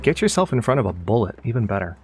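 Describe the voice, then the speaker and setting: A man's voice: lowish voice, big pitch swings, quick pace, over music. A man streaming a video game, chatting casually with his viewers and reacting as he plays. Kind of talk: casual live-stream commentary.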